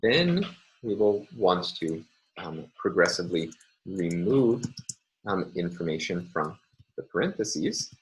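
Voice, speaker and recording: A man's voice: low voice, sing-song, slow pace, slight background noise, poor audio. A man lecturing on linguistics over slides, careful and self-correcting, with frequent ums and uhs.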